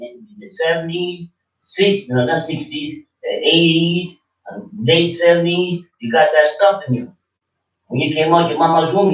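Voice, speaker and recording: A man in his seventies preaches with a forceful, repetitive, confrontational delivery, his voice sitting somewhat high for a man. He is picked up from a distance in a roomy, echoing space. The recording sounds dull and muffled. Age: 70s. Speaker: religious teacher. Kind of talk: sermon.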